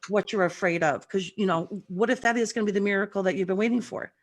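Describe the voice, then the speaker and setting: A woman guest medium chats on a video call, telling stories in a fast, animated, chatty manner. Her voice is mid-range and carries a touch of morning roughness.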